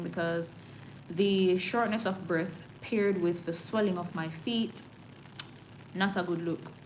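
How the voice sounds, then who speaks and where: A woman's voice: on the low side, a little hiss or hum, poor audio. A woman with a Jamaican accent hosting a casual livestream, chatty and sliding into patois. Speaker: livestream news host.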